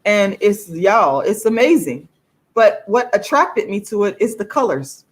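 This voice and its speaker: Woman, casual vlog, chatty, emphatic, mid-pitched voice, talks straight to viewers. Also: big pitch swings, unhurried. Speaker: vlogger.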